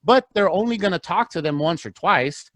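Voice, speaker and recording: Animated man telling business stories. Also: moderate pace, dry recording. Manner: animated storyteller, acts out dialogue, big swings in pitch. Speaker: podcast guest, real estate investor. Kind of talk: casual chat.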